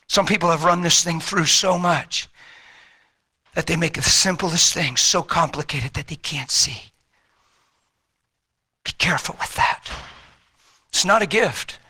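A male preacher delivering a fervent, exhorting sermon, rising to shouts and then falling low and intense. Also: measured pace, pauses often, slightly rough.

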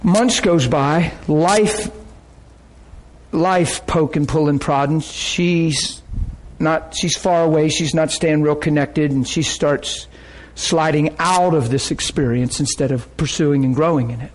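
A male pastor telling stories in a sermon, animated, acting out the people he quotes and breaking into high cries when excited. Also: takes it slowly, slight background noise. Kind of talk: sermon storytelling.

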